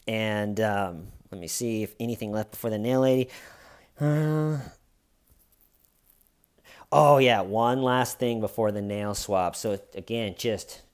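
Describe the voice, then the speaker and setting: Animated man retelling a story. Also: on the low side, slow pace, long pauses, clean tone. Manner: animated storyteller, mimics the people he quotes. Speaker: true crime commentator. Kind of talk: casual retelling with acted quotes.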